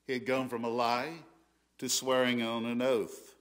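A man's voice: medium pitch, little pitch movement, a little slow. A man with a Southern American accent preaching a sermon as pastor, emphatic and often restarting his sentences. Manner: emphatic, rising loud on quoted scripture, frequent restarts.

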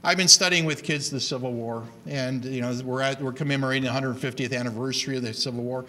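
Speaking at a quick pace in a mid-range voice, with a little hiss or hum in the audio, a middle-aged man lectures emphatically to a live audience on reading instruction. He's animated and frequently restarts what he's saying.

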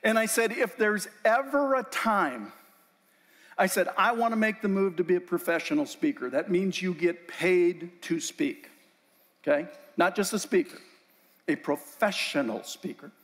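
A man's voice: sits high, measured pace, fairly bright tone. A man giving an inspirational faith talk to a group, telling personal stories in a conversational, emotional way with asides to the audience. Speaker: speaker. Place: event room. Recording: long hall reverb.

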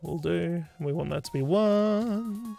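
A man's voice: sits high, slow pace, vocal fry, dark tone, faint music behind. A man with an Australian accent, streaming live as he codes, rambling and thinking aloud with frequent restarts. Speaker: streamer and game developer. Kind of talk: casual live-stream chat while coding.

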